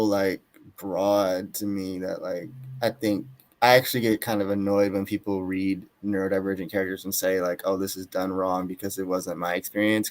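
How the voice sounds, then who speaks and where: A young man from Atlanta, Georgia, losing his voice, talking thoughtfully in an interview as an author guest, with many fillers and hedges. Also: low-pitched. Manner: thoughtful, hedging, frequent fillers. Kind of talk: casual interview talk.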